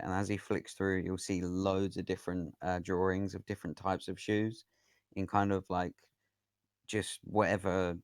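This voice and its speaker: A man in a tabletop game describing his character haltingly, with many pauses. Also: low-pitched, smooth, no echo, studio quality. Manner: hesitant, halting. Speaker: player.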